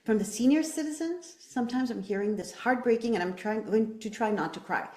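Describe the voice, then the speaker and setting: A woman's voice: a little high, a little fast, darkish tone, echoey room. A woman running for office, answering interview questions with passion and emphatic rhetorical questions. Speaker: political candidate.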